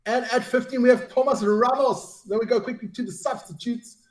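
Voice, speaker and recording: A man's voice: extremely high pitch, fairly quick, roomy sound, distant mic. A man co-hosting a rugby podcast in casual chat, self-deprecating and stumbling over names. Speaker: podcast co-host.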